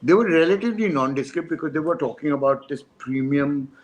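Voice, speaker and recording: A man's voice: fairly high pitch, fairly quick, low-quality recording. An older man with an Indian accent telling stories in a talk, acting out dialogue and slipping into Hindi. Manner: animated storyteller, acts out dialogue, mixes in Hindi. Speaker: advertising speaker. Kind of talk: storytelling talk.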